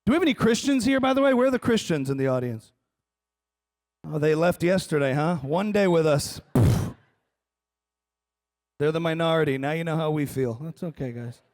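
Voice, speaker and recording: A male stand-up comedian works the crowd from a conference stage. He is wry and animated, with a high-pitched voice. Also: brisk. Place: large conference hall stage.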